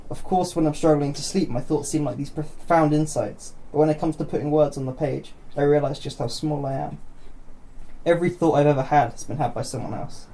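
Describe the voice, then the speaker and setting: Gravelly man reading pieces aloud. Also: a little high, fairly quick, dark tone. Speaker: podcast host reading stories.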